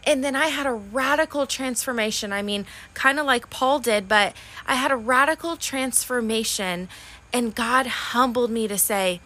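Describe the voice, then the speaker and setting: A woman's voice: on the high side, normal speed, bright, forceful tone. A woman hosting a faith-based motivational podcast, speaking fervently and emotionally and calling her listeners honey and friend. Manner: emotional, voice wavering toward tears at times. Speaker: podcast host.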